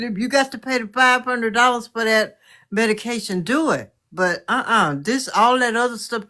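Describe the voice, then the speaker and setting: A woman's voice: fairly high pitch, bright, forceful tone. A woman, calling in to a livestream and scolding firmly in a motherly way. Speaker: caller on a livestream. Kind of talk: casual chat.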